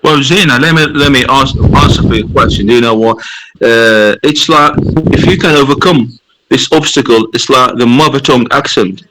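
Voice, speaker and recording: A man's voice: mid-range voice, normal speed, background noise. A man taking part in an online discussion over a video call, playful and teasing, calling people mate. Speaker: workshop participant.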